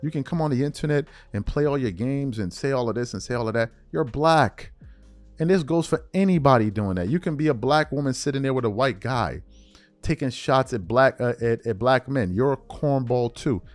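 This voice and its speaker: A man's voice: medium pitch, animated, moderate pace, dry recording, faint music behind. A man hosting a sports commentary channel, delivering an emphatic, repetitive opinion rant straight at his viewers.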